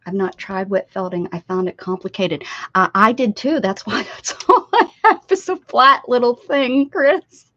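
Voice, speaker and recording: A woman's voice: fairly high pitch, moderate pace, bright, forceful tone, no room sound. Chatty older woman hosting a craft stream. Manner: chatty, reads chat aloud and answers viewers. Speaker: craft livestream host. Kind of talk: casual livestream chat. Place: home craft room at a desk. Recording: slightly dull lo-fi stream audio.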